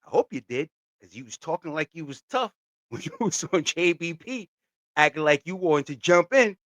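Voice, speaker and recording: Animated reaction host with lively pitch. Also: male voice, moderate pace, no room sound. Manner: animated, laughing, repeats lines and hypes them up. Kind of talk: casual reaction commentary.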